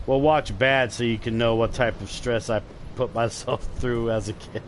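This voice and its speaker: Casting: man, mid-pitched, gaming streamer, rambling casual commentary, swears freely, faint background hiss. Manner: rambling, chatty, swears freely, talks straight to viewers. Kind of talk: casual live gameplay commentary.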